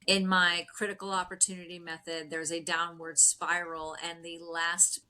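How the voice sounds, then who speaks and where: A woman's voice: on the low side, little pitch movement, moderate pace, pushed and bright. A middle-aged woman speaking as a podcast guest, emphatic and motivational, laughing easily. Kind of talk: interview podcast.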